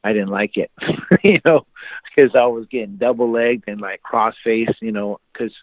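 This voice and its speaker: A man in his forties with a low voice tells a story on a podcast in a relaxed, casual way, acting out the voices of the people in it. The sound is tight and dry, like a phone line. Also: normal speed, no room sound. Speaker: podcast guest.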